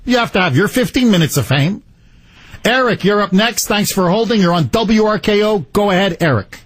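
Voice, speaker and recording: A man's voice: sits high, expressive, moderate pace, slight background noise. A man with an English accent hosting a call-in radio show, blunt and sarcastic with his callers. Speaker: radio talk show host. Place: radio studio. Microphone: studio microphone.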